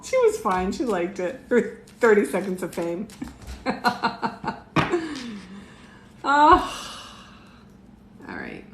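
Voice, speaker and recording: A woman's voice: medium pitch, wildly swooping pitch, drawn-out words, pauses often, a bit bright. A middle-aged woman giving a casual live tarot reading from her home, chatting with her viewers and laughing often. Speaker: tarot reader. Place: home room. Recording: echoey room, faint noise.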